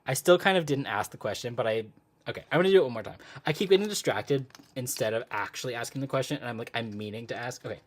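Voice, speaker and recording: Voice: medium pitch, fast. A live-stream host chatting casually with viewers while crafting at home, easily sidetracked and laughing often. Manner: talks to live chat. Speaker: livestream host.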